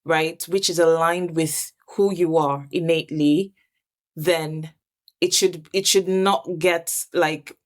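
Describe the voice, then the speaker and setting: A woman's voice: deep voice, steady tone, takes it slowly. A woman hosting a reflective faith conversation, talking earnestly and searching for her words with many restarts. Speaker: host.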